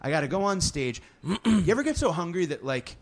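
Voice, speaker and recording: A young male comedian telling a road story in a casual podcast chat. He's animated and exasperated, his voice sitting a bit high and swinging up when he gets worked up. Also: fairly quick, a loud crowd. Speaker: stand-up comedian.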